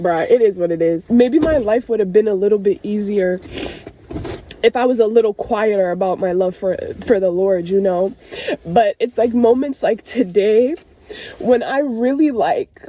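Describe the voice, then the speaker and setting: A woman's voice: mid-range voice, moderate pace, mellow. A young woman in a candid faith vlog, crying at times and rambling with many fillers, talking from her parked car. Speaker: vlogger.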